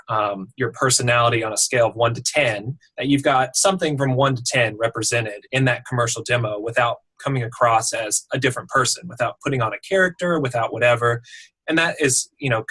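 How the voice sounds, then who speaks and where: A man's voice: mid-range voice, pushed and bright. A man guest on a webinar explaining voiceover advice thoughtfully, with many "you know" fillers. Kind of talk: casual advice talk.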